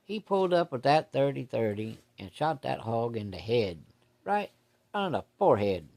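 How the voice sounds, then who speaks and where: A man's voice: medium pitch, very animated, moderate pace, a little mellow. Rambling, folksy male storyteller. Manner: rambling, folksy, plain-spoken. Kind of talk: casual spoken storytelling.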